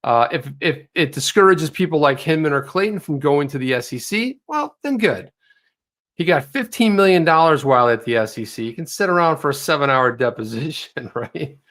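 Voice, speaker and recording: A man's voice: fairly high pitch, animated, brisk, few pauses, fairly bright tone. A man co-hosting a live crypto talk show in casual chat, joking and slipping into put-on voices.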